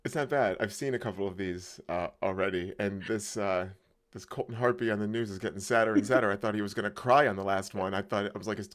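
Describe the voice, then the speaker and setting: A man co-hosting a comedy podcast, laid-back in his chat but ranting with bursts of excitement and swearing. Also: on the low side, fast. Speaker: podcast co-host.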